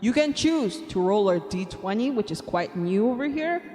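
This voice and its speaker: A woman's voice: mid-range voice, expressive, moderate pace, darkish tone. Bubbly young woman streamer, reverby sound. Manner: bubbly and chatty, counts aloud, giggles often. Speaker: art streamer. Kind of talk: casual live-stream chat. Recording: long reverb, faint background music.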